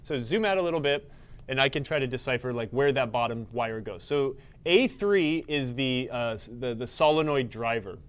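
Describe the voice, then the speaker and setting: A man hosting a live stream about repairing pinball machines, talking fast and eagerly despite being exhausted. His voice sits in an ordinary middle range, and his explanations are full of ums and restarts. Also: medium pitch, clean tone. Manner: quick, energetic explaining with fillers. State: tired. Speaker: pinball repair technician host. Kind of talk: live-stream technical chat.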